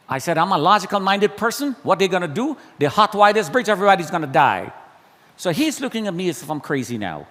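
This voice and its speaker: Man, high voice, lively storytelling, church testimony, reverberant hall, faint hiss. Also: fairly quick, some chatter behind. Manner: animated, acts out dialogue with shifting pitch. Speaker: guest speaker sharing testimony. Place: church auditorium.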